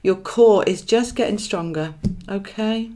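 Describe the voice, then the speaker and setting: Drawing cards during a chatty live tarot reading, a Welsh woman thinks aloud and fondly calls her viewers darling. She speaks a little slowly in a medium-pitched voice with a dark tone.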